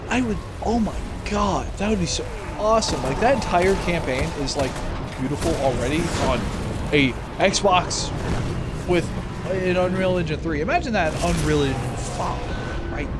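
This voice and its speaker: Excitable rambling young man, noisy audio. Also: sits high, moderate pace. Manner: rambling, excitable, many fillers. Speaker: talk show host. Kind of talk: casual solo gaming chat. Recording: noisy home recording.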